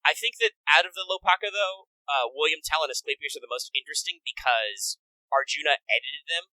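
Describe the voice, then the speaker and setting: A man co-hosting a casual video-game podcast, animated and quick to act out characters in put-on voices. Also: a little high, dry recording, low-quality recording. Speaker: podcast co-host.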